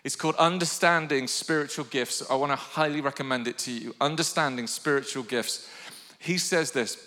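A man preaching a sermon with passion, sometimes rising to shouted calls to his listeners. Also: medium pitch, moderate pace, big-room sound. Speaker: pastor.

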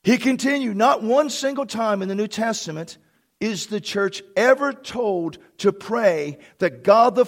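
A man preaching with a high, gravelly voice that has a husky edge. He reads a story aloud to his congregation as part of a fervent sermon, and now and then he rises into shouts. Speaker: pastor.

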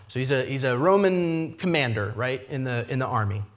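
A man preaching a sermon, retelling scripture in a lively conversational way, often adding asides and briefly acting out the characters' lines. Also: medium pitch. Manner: lively expository preaching, frequent asides with "right?"; acts out the characters' lines in quick voices. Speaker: pastor.

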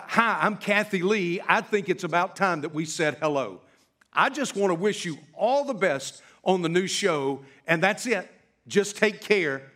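Preacher man retelling a story slowly. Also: sits high, a bit bright. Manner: storytelling, stretches key words slowly for emphasis. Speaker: pastor. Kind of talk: sermon.

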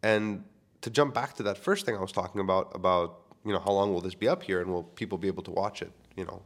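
A man's voice: deep voice, quick pace. A man in his thirties hosting a solo podcast, talking in a candid, rambling, self-questioning way and swearing casually. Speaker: podcast host.

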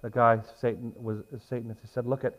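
A pastor preaching a sermon who swings between loud, emphatic points and a quieter, conversational storytelling voice. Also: male voice, medium pitch, flat delivery, brisk. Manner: rises to loud emphatic points, then drops to a soft storytelling tone.

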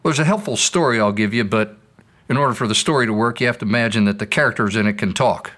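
A man's voice: on the low side, fast talker, fairly bright tone. Patient man explaining with a fable. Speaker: apologist answering questions. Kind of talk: scripted dialogue.

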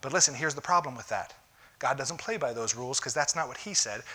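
Emphatic male pastor, bright voice. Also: medium pitch, fast, breathy edge. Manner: emphatic, keeps saying "listen". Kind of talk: conversational sermon.

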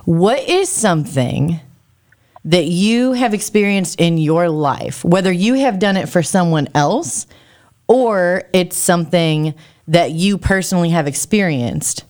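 A woman co-hosting a podcast, telling stories in a casual, animated way. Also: lowish voice. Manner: animated storytelling with quick bursts. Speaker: podcast co-host. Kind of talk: casual chat.

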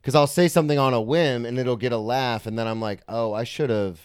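Male podcast host, casual and chatty, smooth clear voice, dry close sound. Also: medium pitch, steady tone, a little fast, no echo. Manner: chatty, laughs often. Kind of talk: casual chat. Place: apartment.

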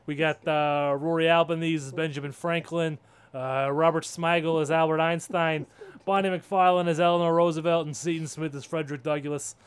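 A man's voice: fairly high pitch, flat delivery, a little fast, smooth, close to an everyday voice. A man putting on a vague, unplaceable accent to voice a self-mocking, mock-pompous commentator in a podcast bit. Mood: mock-serious. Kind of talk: comedic bit in podcast chat.

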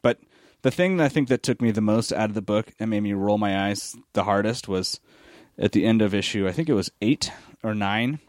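A man co-hosting a casual podcast chat, reviewing comics in an animated, critical way with plenty of fillers and restarts. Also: fairly low pitch, brisk, no echo, clean studio sound. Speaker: podcast co-host.

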